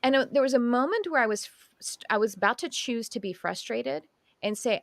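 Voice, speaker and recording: A woman's voice: a little high, animated, moderate pace, vocal fry, fairly bright tone, dry recording, studio quality. A woman hosting a spiritual podcast, chatting casually and animatedly, laughing often and acting out what others said. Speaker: podcast host.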